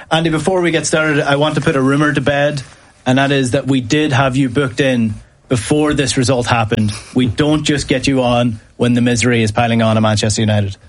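A man hosting a breakfast sports radio show, talking briskly about football and reading promos. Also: medium pitch. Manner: brisk, reads ad copy and promos in a lively way.

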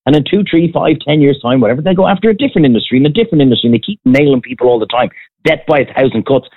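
A man's voice: medium pitch, very fast, breathy edge, phone-quality sound. An Irish man, a former restaurant owner, ranting emphatically in a heated casual chat.

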